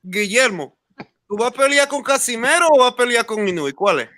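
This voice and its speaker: A man's voice: extremely high pitch, expressive, quick pace, pushed and bright, no room sound, clean studio sound. A man hosting a boxing livestream in casual, slangy chat and laughing often.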